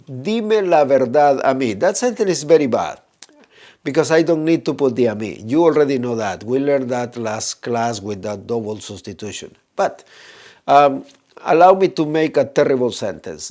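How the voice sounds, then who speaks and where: A man, teaching a grammar lesson and often checking in with "right?" while he slowly draws out the examples. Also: mid-range voice, animated, warm tone. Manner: explanatory, frequent "right?" checks, slow drawn-out Spanish examples. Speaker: Spanish teacher.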